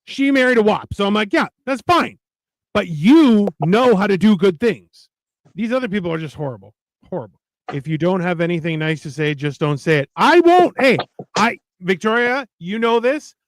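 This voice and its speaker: Casual cooking chat comes from a middle-aged man co-hosting a stream, who swears and animatedly acts out the words of people in his stories. His voice sits high and moves fairly quickly, with no room sound.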